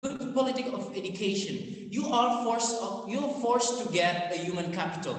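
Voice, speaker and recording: A man's voice: sits high, moderate pace. A teenage boy giving an earnest competitive debate speech over a video call, searching for words and restarting phrases. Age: teens. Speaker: student debater. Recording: distant mic in a reverberant hall.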